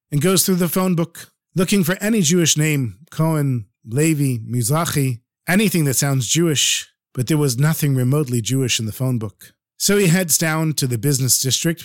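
Lively male storyteller, dry sound. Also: a little high, dry recording. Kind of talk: spoken story narration.

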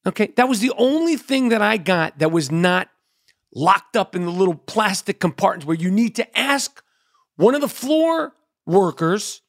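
A man's voice: high voice, lively intonation, moderate pace. A middle-aged man, ranting in a crude, rambling comedy monologue full of repetition and swearing.

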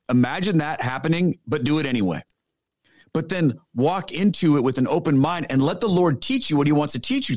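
A man's voice: fairly high pitch, darkish tone, no echo, clean studio sound. A middle-aged man, a former pastor, speaking as a podcast guest and telling stories in an earnest, emphatic, casual way. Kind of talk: conversational storytelling.

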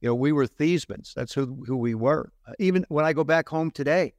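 Older man telling animated stories. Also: fairly high pitch, a little fast, no room sound, studio quality. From New Jersey. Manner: animated anecdotes with laughs and restarts. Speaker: interview guest, former quarterback. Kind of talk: storytelling interview.

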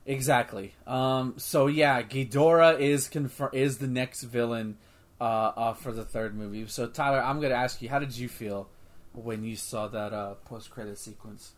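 A man hosting a casual movie review podcast, talking in an excitable, rambling way with frequent swearing and restarts. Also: mid-range voice, moderate pace. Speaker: podcast host.

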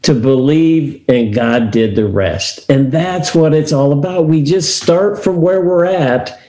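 A man telling a Bible story in an easy, conversational way, reading verses and then unpacking them. His voice sits a little high for a man. The room around him adds a noticeable echo. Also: slow pace, dark tone. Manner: storytelling, reads scripture aloud and paraphrases it. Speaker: co-host of a faith talk show. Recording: roomy echo.

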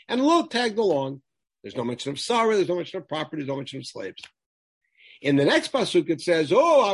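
A man's voice: high-pitched, slightly rough, dry recording. A man teaching a Torah lesson, quoting Hebrew verses and translating them emphatically. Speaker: Bible teacher.

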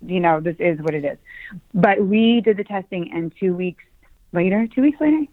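A woman guest telling a personal story on a podcast, lively and excited as she recounts it. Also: lowish voice, normal speed, no room sound. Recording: dry tinny phone-like sound.

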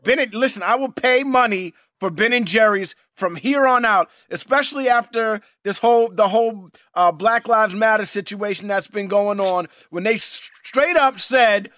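A man co-hosting a podcast, excitable and slangy, swearing and calling people dude. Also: high voice, normal speed, few pauses, no echo, studio quality. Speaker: podcast co-host. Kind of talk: casual podcast chat.

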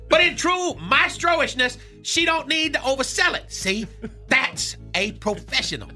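Cast a man doing a swaggering, crude rap-master braggart, high and very bright. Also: lively intonation, a little slow, soft background music, exaggerated voice. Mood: boastful. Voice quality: makes up long words, crude swagger. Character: brash boastful male self-styled rap master. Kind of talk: comedy radio bit.

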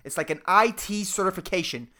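A man's voice: sits high, brisk, pushed and bright. A young man, hosting a solo podcast and ranting angrily with lots of swearing. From Puerto Rico. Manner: angry, profane, ranting. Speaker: podcast host.

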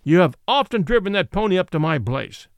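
A man's voice: high voice, very animated, a little fast, creaky, dry recording, heavily acted. A man voicing a stern, principled country squire scolding others.

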